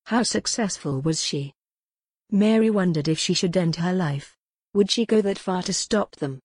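A woman narrating a novel in a measured, even way. Her voice is low. The recording is dry and close. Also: dry recording. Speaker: audiobook narrator. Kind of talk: scripted narration.

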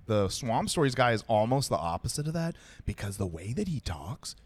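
A man's voice: mid-range voice, very animated, a little fast, husky. A man hosting a podcast, a comedian chatting casually in a rambling, profane way full of fillers. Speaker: podcast host. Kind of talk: casual chat.

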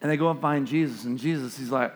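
A man preaching a sermon as an animated storyteller who acts out the scenes he describes. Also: medium pitch, quick pace. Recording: long hall reverb.

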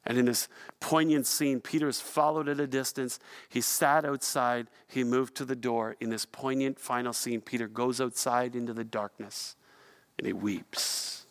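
A man delivering a sermon as pastor, telling a story with animation and swinging from hushed to loud. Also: medium pitch.

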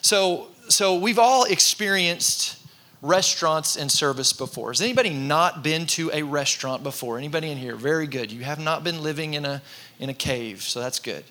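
A man, a pastor preaching a sermon to his congregation and telling funny personal stories in a relaxed, conversational way. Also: fairly high pitch, moderate pace. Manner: conversational, self-deprecating storytelling with laughs. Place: church in front of a congregation.

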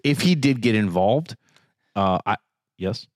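A man's voice: on the low side, animated, measured pace, dry recording, clean studio sound. A man co-hosting a comedy podcast in casual banter, laughing often. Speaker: podcast co-host.

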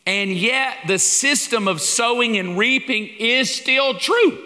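A man's voice: extremely high pitch, slow, bright, forceful tone. A man preaching a sermon-style lesson in a folksy, humorous way, acting out little dialogues. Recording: long hall reverb.

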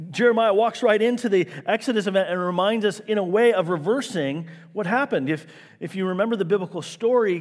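A man preaching a sermon in an earnest, emphatic way, rising to outcries and dropping to hushed, quiet lines. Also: high-pitched, big-room sound. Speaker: pastor.

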